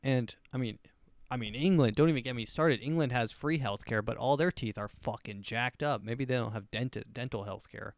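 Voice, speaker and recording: A man's voice: mid-range voice, normal speed, no room sound. A man hosting his own podcast, rambling through a crude, self-amused comedic monologue. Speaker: podcast host.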